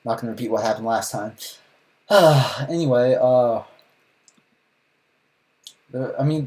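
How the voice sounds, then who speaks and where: A man's voice: mid-range voice, dark tone, low-quality recording. A man streaming a live reaction, talking casually with sarcastic, rambling remarks and frequent restarts.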